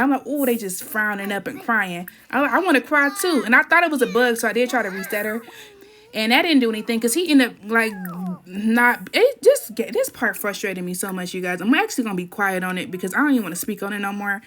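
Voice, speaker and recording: A woman host recording a casual, rambling voice-over for her gameplay video, talking straight to her viewers. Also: fairly bright tone. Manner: rambling and chatty, addresses viewers as y'all; says she generally talks low. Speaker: gaming channel host. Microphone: recorded on an iPad.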